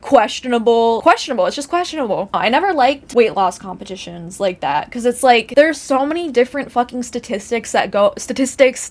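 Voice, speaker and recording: A young woman from the US Midwest reading online stories aloud and chatting about them, swearing freely and laughing often. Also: a little high. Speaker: YouTuber reading Reddit stories. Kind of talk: casual reading and commentary.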